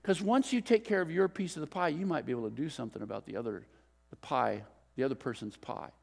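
A middle-aged man preaching a sermon as a pastor, telling a story in a relaxed, conversational way. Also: fairly high pitch, fast, creaky. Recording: long reverb of a large hall.

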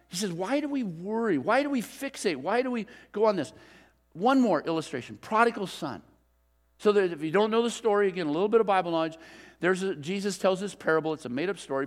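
A middle-aged man preaching a sermon as a pastor, telling a story in a relaxed, conversational way. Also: a little high, quick pace. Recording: long reverb of a large hall.

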